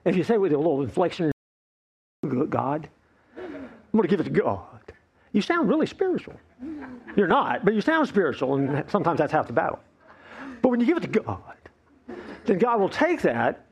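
A man's voice: high voice, sing-song, brisk, dull audio. A middle-aged man preaching a sermon as pastor, conversational and joking.

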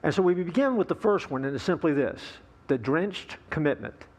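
Pastor guy preaching, kinda higher voice, folksy storyteller, chats with the congregation. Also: fast talker. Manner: folksy storyteller with relaxed fillers and asides to the congregation. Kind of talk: sermon.

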